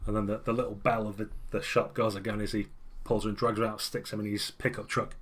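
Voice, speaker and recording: A man's voice: on the low side, level tone, quick pace, a bit bright. Chatty man narrating a tabletop game. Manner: loose, chatty, scene-setting narration. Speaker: game master.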